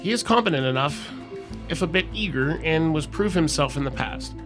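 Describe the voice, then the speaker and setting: A man's voice: a little high, expressive, normal speed, music in the background. Casual man reading a podcast file. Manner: casual, swears, laughs between read passages. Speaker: podcast co-host. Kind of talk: reading a horror file aloud, casual chat.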